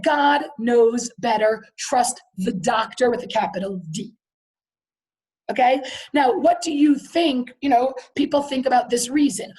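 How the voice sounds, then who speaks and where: A woman teaching a text class with a high, light voice. She reads passages aloud, then explains them in a lively way. She keeps turning to her students with questions.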